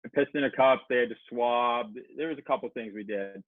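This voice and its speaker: A man's voice: mid-range voice, a little fast. A man rambling through a wild anecdote, swearing freely and acting out both sides of each exchange. His voice comes through thin and phone-like, with a close, dry sound and no room echo. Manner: profane, rambling anecdote with acted-out quotes. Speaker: podcast guest. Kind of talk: casual storytelling chat.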